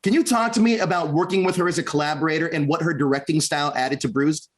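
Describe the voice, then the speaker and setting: A man's voice: fairly high pitch, fast talker, slightly rough. A man interviewing an actor, asking enthusiastic questions full of praise. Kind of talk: entertainment press interview.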